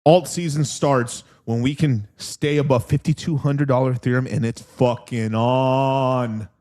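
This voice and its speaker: A young man hosting a crypto livestream in a casual, rambling chat, swearing constantly and getting excitable as he talks. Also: medium pitch, measured pace. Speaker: crypto stream host.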